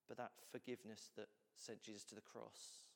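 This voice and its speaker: A man's voice: on the low side, flat delivery, normal speed, gravelly. A man pastor giving a conversational sermon to his congregation, often saying "you know" and "so cool". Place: church hall. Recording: long hall reverb.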